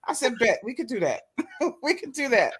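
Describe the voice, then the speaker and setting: A woman's voice: a little high, big pitch swings, moderate pace, husky. A woman telling a personal story in casual chat, acting out both sides of the conversation and laughing often. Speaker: guest.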